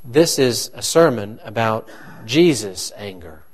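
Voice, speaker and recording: A man's voice: on the low side, animated, unhurried, breathy edge. A man, a pastor, preaching a conversational sermon and asking his congregation questions.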